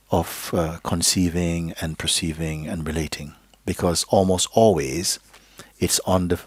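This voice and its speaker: A very low, husky male voice giving a live spiritual teaching to an audience. He talks slowly and gently, sometimes sinking into a soft whisper. The sound is dry and close, with little room around it. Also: no room sound. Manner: slow, gentle, drifting into a soft whisper at times; checks in with listeners with "okay?" and "you see?". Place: live gathering hall.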